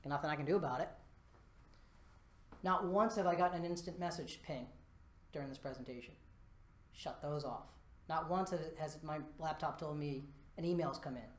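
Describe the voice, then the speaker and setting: A man giving a live conference talk, lively and self-deprecating, walking around the stage as he speaks. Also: on the high side. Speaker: conference presenter. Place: presentation room before a live audience. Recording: echoey presentation room.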